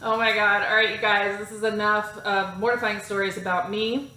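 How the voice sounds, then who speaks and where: A woman in her thirties tells a personal story straight to her viewers in a casual, animated way. She mocks herself and laughs often as she goes. Her voice sits at a middle pitch and echoes around the room. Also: normal speed, noisy background. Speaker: vlog host telling a personal story. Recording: echoey room with faint ambience.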